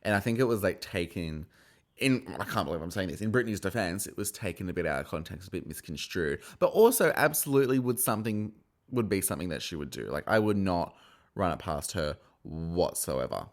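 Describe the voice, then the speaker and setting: A man's voice: low-pitched, expressive, fairly quick. A man casually recapping a reality TV episode in a gossipy, sweary manner. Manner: gossipy, sweary, acts out quotes. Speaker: TV recap host.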